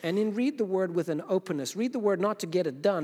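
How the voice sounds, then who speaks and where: A man preaching a sermon, moving between emphatic urging and hushed, intimate softness. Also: sits high, fast, few pauses. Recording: long hall reverb.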